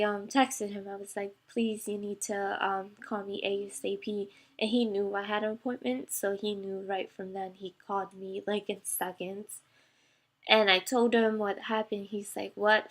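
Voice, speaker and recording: A young woman vlogger telling her personal story to the camera. She is tearful and close to crying, and she talks haltingly with many fillers. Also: medium pitch, a bit bright.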